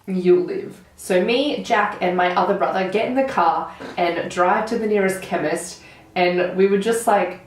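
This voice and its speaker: A beauty vlogger in her twenties, speaking with an Australian accent in a mid-range voice at normal speed, tells chatty stories as she puts on her makeup. Her animated get-ready-with-me talk is peppered with "like", and the recording sounds roomy and distantly miked.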